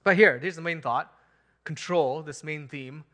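A man preaching a sermon as pastor, animated and emphatic, chuckling now and then. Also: on the high side, unhurried.

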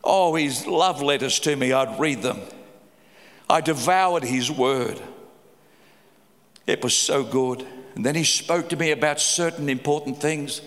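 A middle-aged man preaching a sermon with fervour, swinging between loud cries and low, quiet stretches. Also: measured pace, long pauses. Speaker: pastor. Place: large church hall. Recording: live hall reverb.

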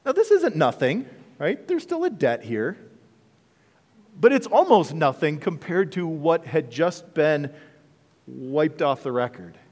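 An animated pastor delivers a sermon in a large hall whose long reverb trails after every line. His pitch is fairly high and his pace slow, and he keeps throwing rhetorical questions at the congregation.

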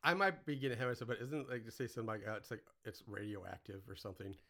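A man's voice: on the low side, very fast, pushed and bright. A man co-hosting a podcast, chiming in with casual side remarks about a film. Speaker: podcast co-host. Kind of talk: casual movie chat.

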